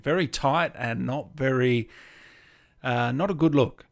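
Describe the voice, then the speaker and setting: A man's voice: medium pitch, a little slow, gravelly. Blunt, scornful male podcast co-host. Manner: blunt, scornful, laughs often. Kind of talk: casual film review chat.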